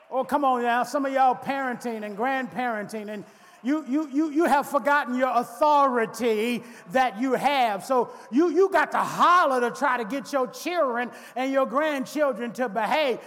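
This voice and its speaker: High-voiced preacher, echoing church. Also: male voice. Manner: dramatic, swings from soft to shouting. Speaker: pastor. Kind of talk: sermon. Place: large church sanctuary. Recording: long church reverb.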